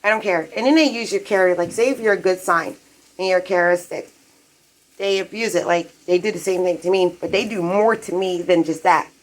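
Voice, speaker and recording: A woman's voice: on the low side, fairly quick, rough recording. A woman on a live stream, ranting in a rambling, profane, agitated way from her apartment. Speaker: livestreamer.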